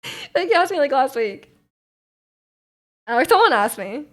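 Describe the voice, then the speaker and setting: A young woman talks loosely to her stream chat, wandering through her thoughts with plenty of "like" and small laughs. Her voice sits a little higher than most. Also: sing-song, moderate pace, fairly bright tone. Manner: rambling, heavy use of "like", frequent laughs. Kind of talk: casual chat with viewers.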